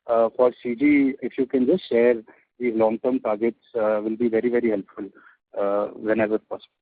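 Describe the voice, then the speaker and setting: A man's voice: mid-range voice, flat delivery, normal speed, no room sound. A man with an Indian English accent, asking an analyst's questions with frequent hesitations. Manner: hesitant, filler-heavy questioning. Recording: dry tinny phone line.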